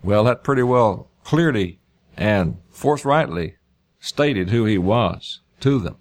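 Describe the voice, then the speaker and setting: A man's voice: fairly low pitch, expressive, takes it slowly. A man preaching through a Bible passage verse by verse, reading each verse aloud and then restating it in plain everyday words, often repeating key phrases for emphasis. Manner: reads scripture aloud then paraphrases it in plain speech.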